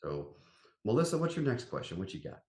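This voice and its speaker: A man's voice: on the low side, fairly quick. A man, a company CEO chatting as a podcast guest, folksy and emphatic as he tells stories. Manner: animated storyteller, folksy and emphatic. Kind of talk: casual interview chat. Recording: roomy echo.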